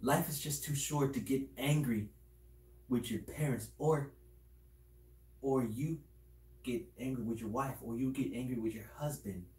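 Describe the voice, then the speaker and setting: A man's voice: medium pitch, measured pace, pauses often, a little mellow, echoey room, low-quality recording. A man talking to camera in a casual vlog, handing out earnest life advice in a rambling, repetitive way, with many restarts. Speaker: video creator. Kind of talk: casual motivational talk to camera.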